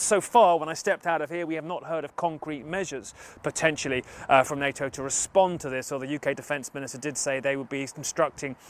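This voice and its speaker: A male news correspondent giving a measured, formal field report from a city street. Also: on the high side, fairly bright tone.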